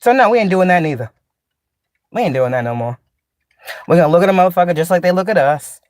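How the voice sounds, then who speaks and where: A woman's voice: on the low side, lively intonation, quick pace, a little mellow, no echo, studio quality. A woman spiritual teacher in a casual, blunt, profane monologue, laughing often and drawing out sarcastic asides.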